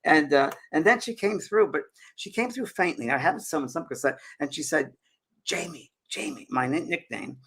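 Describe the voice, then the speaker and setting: A man hosting a show, telling an animated personal story in casual chat. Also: fairly high pitch, a little fast, hardly any pauses, husky. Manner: animated, repeats and restarts often. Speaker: host.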